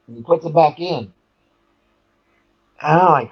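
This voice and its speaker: A man telling a story as a guest in casual chat, animated and halting with many restarts and repeated words. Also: on the high side, lo-fi sound.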